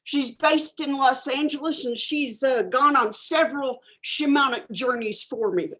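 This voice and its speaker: A woman's voice: high-pitched, unhurried, a bit bright. A woman playing a flaky, self-absorbed new-age guru of sex and spirit, rambling dreamily in improvised character comedy over a video call from a bedroom. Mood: spacey. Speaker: improv performer. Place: home bedroom.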